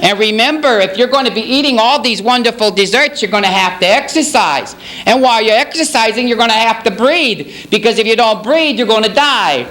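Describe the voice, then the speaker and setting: A man's voice: extremely high pitch, lively intonation, fairly quick, bright, forceful tone, voice pushed up, heavily acted. A man impersonating a bubbly, flamboyant male fitness guru who gushes breathlessly. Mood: gushing. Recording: banquet hall with crowd laughter.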